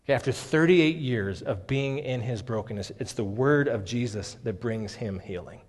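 A man's voice: medium pitch, moderate pace. A man preaching a sermon on a Bible passage in an earnest, emphatic way, often saying "okay", in a church hall. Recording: long hall reverb.

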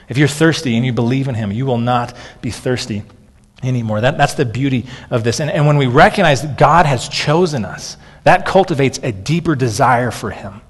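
A man's voice: mid-range voice, normal speed, husky, in a large hall. A man in his thirties preaching a sermon as a pastor, talking conversationally and often restarting with "okay.".

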